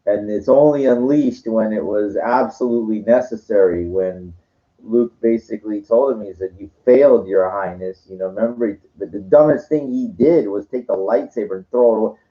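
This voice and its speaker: A man's voice: fairly low pitch, brisk, dark tone. A tired, sugar-hyped man rambling in a casual monologue, full of stuttering restarts and swearing, on a dull lo-fi recording. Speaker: channel host.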